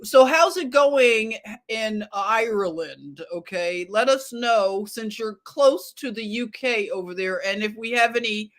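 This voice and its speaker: Woman host, sarcastic headline commentary, unhurried and a bit high. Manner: sarcastic, reads headlines aloud and laughs at them. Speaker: livestream host. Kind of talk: casual livestream commentary.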